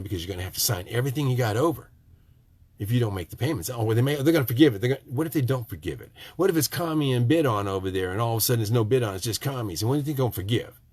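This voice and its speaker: Husky nasal man with a Michigan accent. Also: no room sound. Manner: emphatic and preachy, swinging from loud outbursts to low, hushed asides. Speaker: tiny house builder. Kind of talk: ranting monologue to viewers.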